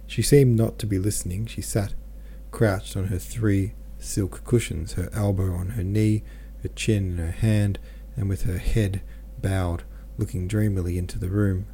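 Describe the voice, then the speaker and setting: A man reading a classic novel aloud as an audiobook narrator, in a measured, even storytelling manner. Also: low voice, slight background noise. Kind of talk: scripted literary narration.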